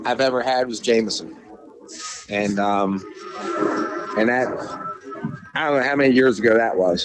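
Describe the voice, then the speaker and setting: A man's voice: medium pitch, low-quality recording. Rambling middle-aged man telling stories. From Maryland, USA. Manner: rambling storyteller, many restarts and fillers. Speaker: podcast guest, bus seller. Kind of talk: casual chat.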